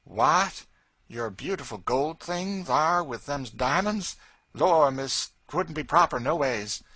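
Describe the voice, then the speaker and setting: An older woman servant in a thick old exclaims slowly and high, as a male narrator puts her on. The storybook reading is close and dry. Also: expressive, bright, forceful tone, no echo, heavily acted. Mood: astonished. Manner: slow, exclaiming.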